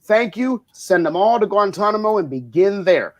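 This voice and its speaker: A man's voice: sits high, lively intonation, normal speed. A man co-hosting a casual political talk show, blunt and emphatic, with frequent swearing. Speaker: co-host.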